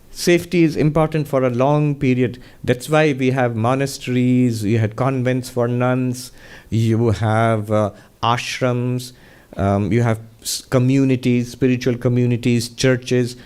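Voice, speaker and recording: A man's voice: mid-range voice, a little mellow. A man, a monk answering audience questions, gives a spiritual talk and tells stories animatedly, often laughing.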